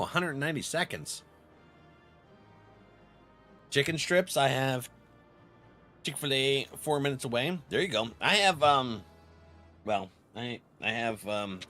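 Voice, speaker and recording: Streaming a game, a man chats casually with his viewers, reads their messages aloud, and laughs often, his pitch swinging in lively ways. He speaks unhurriedly with frequent pauses, and faint music can be heard behind him.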